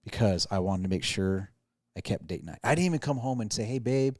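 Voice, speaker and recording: A man's voice: low voice, lively intonation, fairly quick, a little mellow, dry recording, studio quality. A man, a pastor and podcast host, telling a self-deprecating story in casual chat with lots of restarts.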